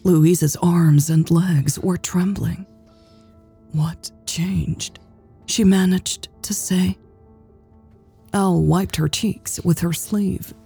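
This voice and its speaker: Slow, husky female audiobook narrator. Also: fairly low pitch, steady tone, soft background music. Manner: slow, hushed, measured reading.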